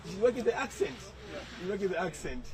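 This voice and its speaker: Encouraging high-voiced male tour guide. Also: sing-song, fast talker, poor audio. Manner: encouraging, praising, explaining to visitors. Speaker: elephant sanctuary guide. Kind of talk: live guided tour commentary. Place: outdoors at an elephant sanctuary. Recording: outdoor crowd chatter in background. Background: visitors chatting nearby.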